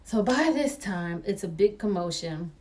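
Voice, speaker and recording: Casting: young woman vlogger, animated storyteller, mid-pitched voice, set a little back from the mic. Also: a little slow, recorded from a distance, a little hiss or hum. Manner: excitable, acts out quoted voices.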